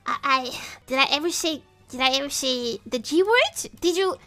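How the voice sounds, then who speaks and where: A woman from Europe commentating her live game stream in an excitable way, often breaking into startled shrieks. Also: high voice, moderate pace, faint music behind.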